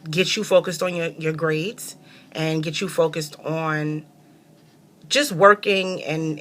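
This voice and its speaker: A young adult woman from New York hosts her own casual talk show, animated and sassy, swearing freely and laughing a lot. Her voice sits low.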